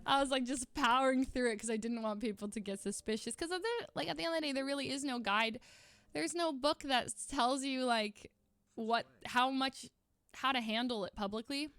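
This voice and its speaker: Rambling young woman streamer, fairly high voice. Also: a bit bright, smooth, dry recording. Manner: rambling, halting, lots of "like" and restarts. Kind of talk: emotional casual chat to stream viewers.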